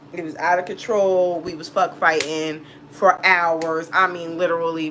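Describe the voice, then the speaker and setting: A woman's voice: on the low side, bright, forceful tone, slight background noise. Blunt, profane woman telling a story. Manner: blunt, profane, frequent laughter. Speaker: tarot reader. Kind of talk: casual storytelling.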